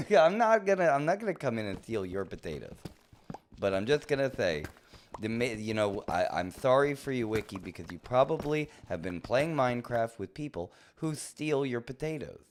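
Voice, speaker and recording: Lively, animated male livestreamer. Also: normal speed, slight background noise. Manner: animated, mock-indignant playful ranting; jumps to high excited outbursts. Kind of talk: live gameplay commentary.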